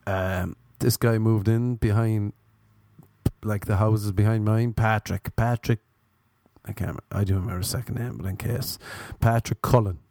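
A young man, his voice hoarse from illness and mellow in tone, rambles through self-deprecating stories. The recording is close and dry, and he jumps into higher voices when he acts out what others said. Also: fairly even intonation, unhurried, no echo. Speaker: podcast host. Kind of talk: casual comedic storytelling.

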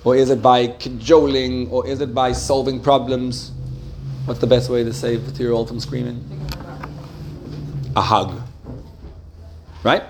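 A man's voice: medium pitch, flat delivery, a little slow, long pauses, darkish tone, a little hiss or hum. Man questioning his class. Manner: keeps asking the group questions and checking they follow. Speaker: religious teacher. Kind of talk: Torah class lecture to a live group.

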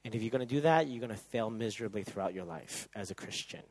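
A male pastor preaching a sermon, moving from loud emphatic bursts to soft, hushed passages. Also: lowish voice, quick pace, breathy edge, rough recording.

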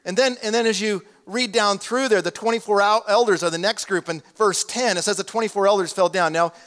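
Male pastor, high voice, chatty sermon, builds up on scripture. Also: a little fast. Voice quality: damaged hearing, says so. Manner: conversational preaching, swells loud on quoted scripture.

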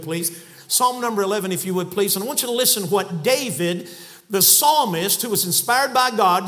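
A man's voice: sits high, a bit bright. A man preaching a sermon from a church pulpit, telling folksy stories and building to fervent emphasis. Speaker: guest preacher.

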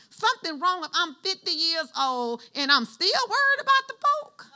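A woman's voice: very high-pitched, sing-song, normal speed, few pauses, pushed and bright. A woman pastor preaching a sermon in church, using call-and-response and having the congregation finish her lines.

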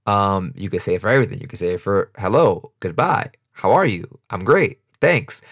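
A young man from New York, with the accent to match, hosts a casual solo podcast, talking off the cuff in a rambling way and laughing often. His voice is fairly low with a sing-song lilt, at a normal speed.

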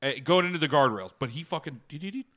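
A young man in casual chat, telling a crude story with animated laughter. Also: on the high side, fast. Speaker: podcast co-host.

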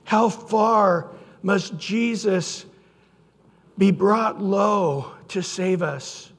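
A man preaching a sermon as pastor, earnest and storytelling, with sudden loud quoted outbursts. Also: high voice, drawn-out words. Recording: long hall reverb.

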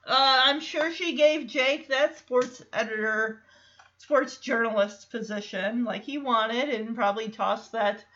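Woman podcast host, chatty and amused, bright tone, slightly muffled lo-fi recording. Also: fairly high pitch, unhurried. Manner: chatty, amused, loose with filler words. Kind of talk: casual episode recap.

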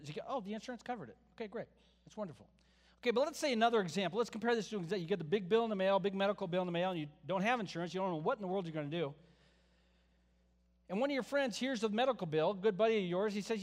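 Conversational male pastor in a reverberant hall. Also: on the high side. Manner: conversational preaching with joking asides. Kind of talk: sermon.

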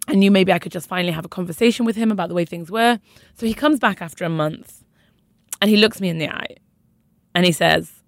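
A woman's voice: mid-range voice, brisk, vocal fry, no echo, studio quality. A young woman frankly telling her own story as an interview guest, emphatic and conversational. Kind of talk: candid personal storytelling.

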